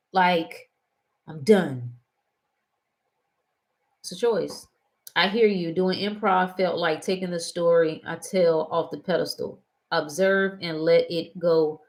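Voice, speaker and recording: A woman hosting a casual talk show, animated and prone to laughing and wandering into stories. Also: on the low side. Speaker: host. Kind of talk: casual chat.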